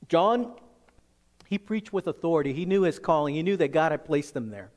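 A male pastor preaching a sermon emphatically, swinging from loud, forceful lines to hushed ones. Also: on the high side, expressive, fast talker.

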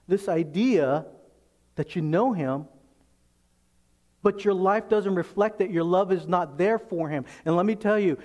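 Male pastor, slightly higher voice, casual preaching that acts out little scenes and questions the room. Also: darkish tone. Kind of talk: sermon.

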